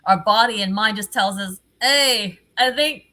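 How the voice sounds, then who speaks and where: A woman hosting an interview, asking questions in an animated way, laughing and repeating phrases. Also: medium pitch, measured pace. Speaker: interviewer host. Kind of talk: conversational interview.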